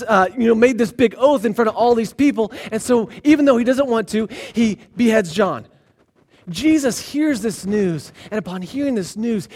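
A man preaching a sermon, retelling scripture stories in a lively way with sarcastic asides. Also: very high voice, breathy edge. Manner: animated storytelling with sarcastic asides. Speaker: pastor.

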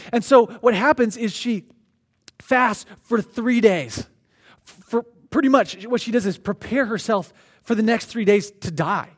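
High-voiced man preaching animatedly. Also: measured pace. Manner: animated, conversational storytelling. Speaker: pastor. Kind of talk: sermon.

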